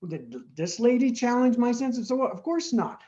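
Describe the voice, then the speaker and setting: A man's voice: very high-pitched, sing-song, moderate pace, mellow. Earnest man explaining, muffled audio. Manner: earnest, often checks in with "right?". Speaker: guest, addiction treatment founder. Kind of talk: explanatory interview talk.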